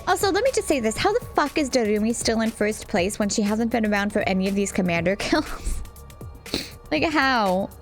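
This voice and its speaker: A woman's voice: a little high, expressive, moderate pace, soft background music. A woman streaming a game, ranting animatedly and exasperatedly at the story. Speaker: streamer playing a visual novel. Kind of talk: let's play commentary.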